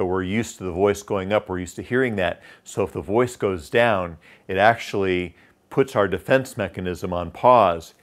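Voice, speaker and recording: A man with a lowish voice gives a sales training lesson. He talks in an instructive way, slowing down to stress key phrases and letting his pitch drop to show how a commanding voice sounds. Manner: demonstrates tonality with dropping pitch, slow emphatic phrases. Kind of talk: instructional talk.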